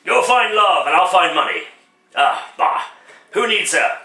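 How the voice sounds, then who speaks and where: A man's voice: high-pitched, sing-song, measured pace, pushed and bright, heavily acted. A man voicing a grumpy, whiny old miser, grumbling in a one-man comedic radio play. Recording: roomy echo, distant mic.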